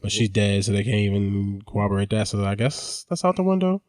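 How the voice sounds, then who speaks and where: A man co-hosting a podcast, walking through plot points in relaxed, slangy talk with plenty of swearing. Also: fairly low pitch, brisk, dry recording, clean studio sound. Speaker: podcast co-host. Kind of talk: casual chat recapping a TV show.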